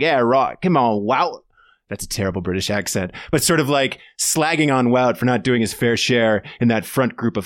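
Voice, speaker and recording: A man's voice: medium pitch, no room sound, clean studio sound. A man hosting a casual sports podcast, talking in a playful, jokey way and putting questions to his guests. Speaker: podcast host. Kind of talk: casual cycling chat.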